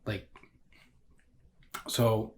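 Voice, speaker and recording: A man in a casual tasting chat, reviewing a beer while he rambles and searches for words. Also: very slow.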